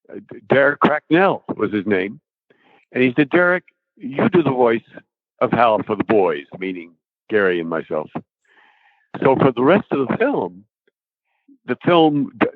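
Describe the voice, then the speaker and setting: A man's voice: medium pitch, no room sound, narrow, tinny audio. An older actor recalling his work in an interview, speaking hesitantly, with many restarts and ums. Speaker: guest actor. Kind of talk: interview recollection.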